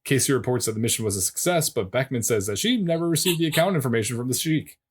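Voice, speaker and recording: Man recapping at an even pace. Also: medium pitch, fast, slightly rough. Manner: steady narrating recap with dry asides. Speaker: podcast co-host. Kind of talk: casual recap of a TV episode.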